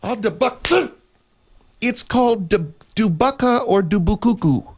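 A man's voice: high voice, lively intonation, moderate pace, voice pushed up. A man voicing a cranky, foul-mouthed old woman who sounds prim but swears. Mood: testy. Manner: prim but profane, testy.

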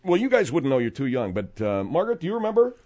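A man's voice: a little high, wildly swooping pitch, quick pace, mellow. Rambling, jokey man hosting a radio show. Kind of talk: casual radio banter.

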